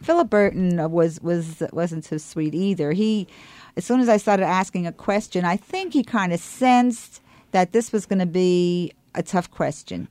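A woman's voice: fairly low pitch, a little slow, no room sound. Woman with a New York accent, dry. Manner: animated storytelling with frequent restarts and laughs. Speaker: radio interview guest, parent advocate. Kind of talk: radio interview.

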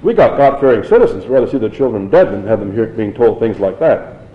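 A man's voice: lowish voice, big pitch swings, fast, echoey room, dull audio. A man voicing a pushy male investigator who accuses a professor, needling and insistent. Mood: accusing.

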